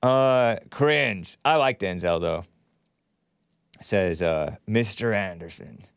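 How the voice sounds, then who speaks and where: A man's voice: low-pitched, expressive, slow pace, gravelly, clean tone, no room sound, clean studio sound. A man hosting a call-in talk show, chatting casually, laughing often and reading out listener comments. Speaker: radio call-in show host.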